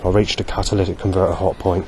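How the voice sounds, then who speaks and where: A man vlogging a spoken diary outdoors, halting and correcting himself as he goes. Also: low-pitched, little pitch movement, darkish tone, a little hiss or hum. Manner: halting, with many restarts and self-corrections. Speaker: vlogger recording a daily log.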